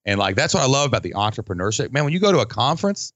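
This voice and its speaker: A man hosting a podcast in casual chat, animated and folksy, acting out quoted people with big jumps in his voice. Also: medium pitch, very fast, no echo, lo-fi sound. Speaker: podcast host.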